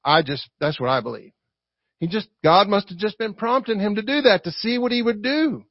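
A man with a Southern US accent preaching a lively sermon, acting out quotes and asking the congregation for responses. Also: sits high, normal speed, dry recording. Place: church. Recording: dry, dull lo-fi recording.

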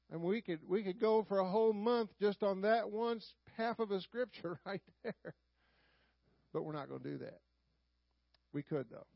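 High-voiced Southern preacher. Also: male voice, gravelly, no echo, muffled recording. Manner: folksy, calls "Amen?" to the congregation. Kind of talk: sermon.

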